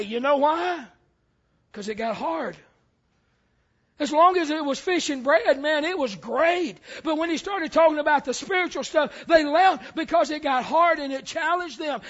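A man preaching a sermon as pastor, telling stories and stumbling over repeated words before building to loud, emphatic calls. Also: very high voice, muffled recording.

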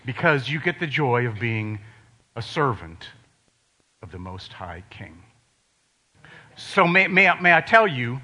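An older man from Ohio preaching a sermon in a conversational way, dropping suddenly to quiet emphasis on key words. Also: mid-range voice, big pitch swings, measured pace, long pauses. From Ohio, USA.

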